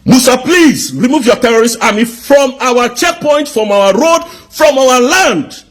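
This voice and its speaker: A man's voice: very high voice, expressive, a little slow. A man with a Nigerian accent delivering an angry political rant, firing off indignant rhetorical questions. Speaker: commentator.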